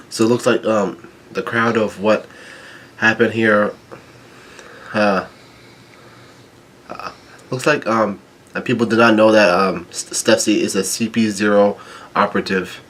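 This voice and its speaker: Guy reading a manga chapter out loud, stops and restarts a lot, low voice, bit of background hiss. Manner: halting, with frequent restarts and ums. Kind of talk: reading a comic chapter aloud.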